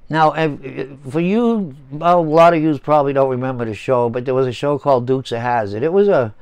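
A man's voice: mid-range voice, animated, brisk, vocal fry, hardly any pauses, a little mellow, clean tone, no room sound. A man in his sixties, a channel host ranting casually with heavy swearing, heated sarcasm and repeated words. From United States. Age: 60s. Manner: profane, swears often. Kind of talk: casual rant to camera.

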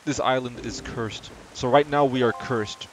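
A man's voice: medium pitch, unhurried, a little hiss or hum. Chatty man reading game dialogue aloud. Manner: chatty, self-deprecating, reads lines aloud. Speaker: streamer.

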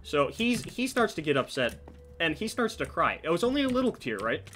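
A man's voice: on the high side, brisk. A man telling a story in casual commentary over his own gameplay, breaking off for asides about the match. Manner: storytelling while playing, animated asides. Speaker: gaming commentator.

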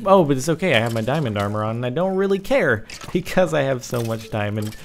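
Excitable young man narrating gameplay. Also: medium pitch, brisk, a little hiss or hum. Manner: excitable, yelps and sing-song outbursts while playing. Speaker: gaming video host. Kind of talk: casual let's play commentary.

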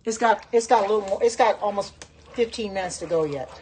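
With a brisk, mid-range voice that's a little mellow, a middle-aged woman chats through a casual kitchen livestream on her phone, cooking while she reads out and reacts to viewer comments with plenty of exclamations. There's a slight hiss or hum in the audio.

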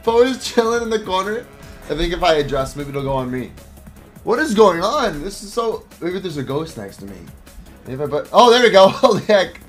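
A young man streaming games, commenting live in a jokey, excitable way and often shouting at the screen. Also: on the high side, normal speed, faint music behind.

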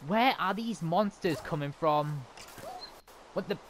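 A man giving excitable, chatty commentary while playing a game. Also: on the high side, takes it slowly, a little hiss or hum. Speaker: gamer. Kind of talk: casual gameplay commentary.

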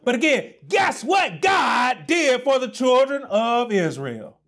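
A male pastor preaching a sermon with passion, often shouting and then dropping to low asides. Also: big pitch swings, takes it slowly.

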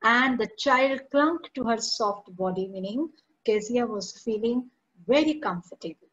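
A woman teacher with an Indian English accent goes through a story line by line for her students, slipping into Hindi to explain. Her voice sits a little high and comes through muffled, like lo-fi online class audio. She is patient and stops often to check that they follow. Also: lively intonation, unhurried, fairly bright tone.

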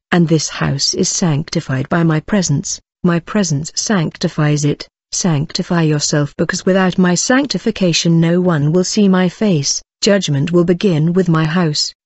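A speaker solemnly reading a prophetic message aloud in a measured, declaiming way. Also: mid-range voice, no room sound. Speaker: reader of a prophecy. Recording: dull, dry lo-fi recording.

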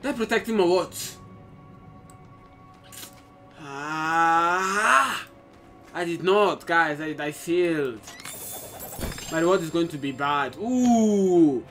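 A man hosting a gaming channel, giving excitable live gameplay commentary with frequent exclamations and repeated phrases. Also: fairly high pitch, slow pace, pauses often. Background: game music.

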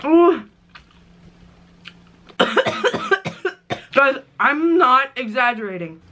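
This young adult vlogger's voice sits high, pushed and bright, and she speaks very slowly and expressively. Eating in her dorm room for a casual mukbang, she swears, gasps and coughs in pain from the spice; the recording is muffled with a little hiss or hum.

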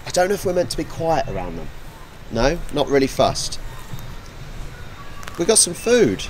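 A man from England, chatting excitedly in a casual travel vlog at an outdoor wildlife park. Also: fairly high pitch, normal speed, faint music behind. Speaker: travel vlogger.

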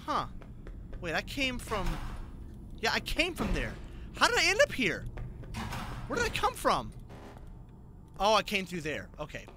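A man's voice: high voice, wildly swooping pitch, unhurried, long pauses. A man giving profane, jumpy let's-play commentary on a horror game, talking to himself as he plays. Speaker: gaming video host. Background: game music.

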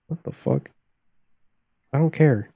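A man's voice: mid-range voice, slow, vocal fry, mellow, slightly rough, no echo, studio quality. A young man live-streaming a life-sim game, cursing, joking and laughing as he reacts to what happens. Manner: profane, joking, laughs often. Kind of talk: casual live-stream commentary while playing.

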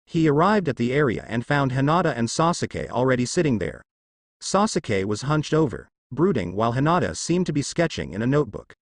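A man narrating a fan fiction story in a lively storytelling way. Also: brisk, dry recording, studio quality. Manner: lively storytelling, varies pitch for dialogue.

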